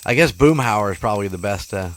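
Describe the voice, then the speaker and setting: A man's voice: fairly low pitch, expressive, fast, a bit bright, slight background noise. A man hosting a podcast in casual chat, laughing often and agreeing with his co-host.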